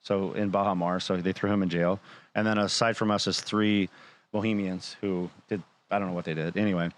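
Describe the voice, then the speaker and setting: Low-pitched man, casual storyteller, acts out the dialogue, talk-show guest. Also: fairly quick. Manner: animated, quotes others in dialogue.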